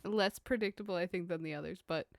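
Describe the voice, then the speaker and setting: Woman, podcast co-host, playful and enthusiastic, slightly low voice, dry close mic. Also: no echo. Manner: playful, enthusiastic, drawn-out emphasis. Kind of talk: casual chat.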